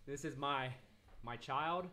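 A man's voice: mid-range voice, slow pace, sharp tone. A young man at home chatting casually and rambling while streaming a video game. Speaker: gaming streamer. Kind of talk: casual livestream commentary.

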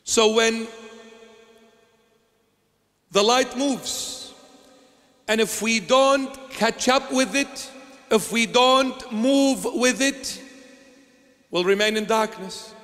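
A male bishop preaching a sermon, asking rhetorical questions and answering them himself in a slow, emphatic delivery. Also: very high voice, a bit bright, in a large hall.

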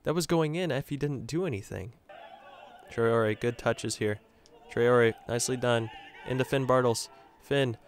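A man's voice: mid-range voice, moderate pace. A man giving live commentary over his own soccer video game match as a channel host, cheering on his players and talking to his viewers as "boys".

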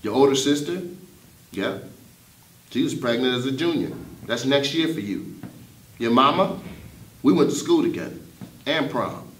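A man playing a teacher in a comedy sketch, roasting his students in a loud, mocking way. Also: mid-range voice, expressive, moderate pace, long pauses, distant mic. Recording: echoey room with background noise.

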